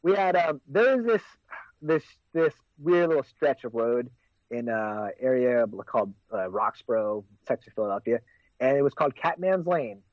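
A man's voice: medium pitch, big pitch swings, normal speed, no echo, muffled recording. An American man in his forties, co-hosting a casual podcast chat and rambling with lots of fillers and restarts. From United States. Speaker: podcast co-host.

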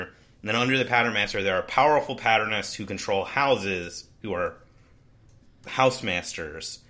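Podcast co-host, male, fairly low and bright voice, loose and rambling delivery. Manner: rambling, with frequent restarts and "like". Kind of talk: casual book discussion.

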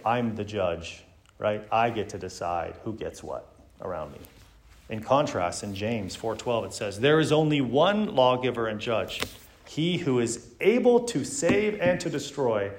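A man giving a church Sunday school lesson, speaking earnestly and reading scripture aloud with emphasis. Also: mid-range voice.

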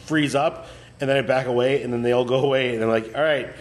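A man's voice: mid-range voice, steady tone, fast talker. A young man co-hosting a podcast in casual, rambling chat, laughing often. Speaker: podcast co-host.

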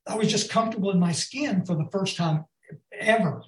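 A man gives a folksy recovery talk to a group, calling them "y'all" and often checking whether they follow his stories. His voice is high and a bit bright, moving fairly quickly, with a roomy echo in the recording.

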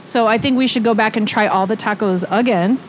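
Brief: casual, chatty woman guest, slightly high, faint vehicle noise. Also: fairly quick. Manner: chatty, self-correcting. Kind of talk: casual chat. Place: riding a city streetcar.

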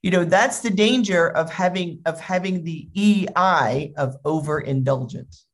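An animated speaker delivers a humorous talk on parenting. Short acted-out anecdotes and lively storytelling carry the talk. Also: medium pitch, unhurried.

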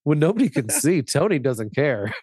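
A man's voice: fairly high pitch, sing-song, normal speed, darkish tone, slightly rough, no echo, clean studio sound. Laughing, rambling podcast guy. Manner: rambling, many fillers, laughs often. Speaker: podcast co-host. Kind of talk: casual chat.

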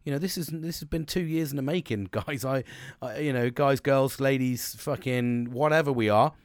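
A man's voice: medium pitch, moderate pace, dry recording, studio quality. A middle-aged man hosting a solo podcast, talking casually with lots of swearing and digressions that he keeps catching himself on. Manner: sweary, chatty, self-interrupting digressions. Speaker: podcast host. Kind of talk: rambling solo podcast monologue.

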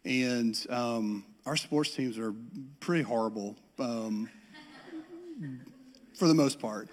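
A man's voice: mid-range voice, takes it slowly. Middle-aged Southern man preaching in a hall. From Metro Atlanta, US South. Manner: self-deprecating, anecdotal. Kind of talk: storytelling sermon. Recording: long reverb of a large hall.

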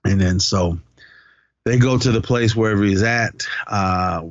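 A man co-hosts a podcast, unhurriedly recapping a movie's plot in a loose, profane way and performing the characters' lines. His voice is lowish, and the dry recording has its highs cut off.

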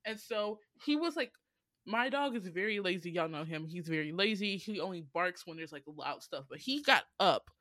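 A woman's voice: on the low side, normal speed, no echo. A woman from Georgia with a Southern accent, hosting a podcast and telling stories in a casual, profane, dramatic way. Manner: animated, profane, dramatic voice swings. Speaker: podcast host.

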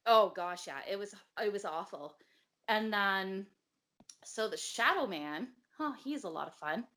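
A woman's voice: medium pitch, lively intonation, unhurried, pushed and bright. A woman in casual chat, telling her story animatedly with lots of filler words and some swearing. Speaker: guest telling a ghost story.

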